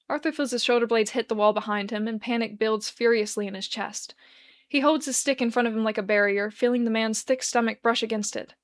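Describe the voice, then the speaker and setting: A woman giving an expressive, measured reading of a fan-written story. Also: on the high side. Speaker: fanfic reader.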